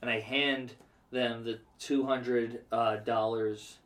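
A man's voice: medium pitch, level tone, slow pace, fairly bright tone. A man on a casual podcast telling a long rambling travel anecdote, full of fillers and the odd swear word. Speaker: podcast host. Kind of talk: casual storytelling chat.

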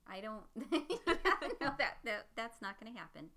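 A woman co-hosting a casual podcast chat, telling a dating story in an animated way. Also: on the high side, a little slow. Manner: animated storytelling, turns away from the mic. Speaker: podcast co-host.

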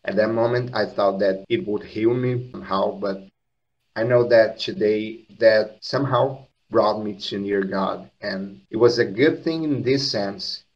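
Slow, deliberate man, lo-fi sound. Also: fairly low pitch. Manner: careful, deliberate, simple phrasing. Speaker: podcast co-host. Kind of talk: reflective faith discussion. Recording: dull lo-fi audio.

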